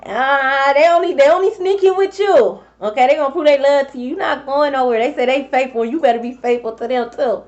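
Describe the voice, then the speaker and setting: A woman reads tarot for her viewers in a high voice, blunt and profane. The sound is slightly dull and lo-fi. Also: a little fast, few pauses. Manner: blunt, profane and animated, talking straight to viewers. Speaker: tarot reader. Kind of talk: casual tarot reading for viewers.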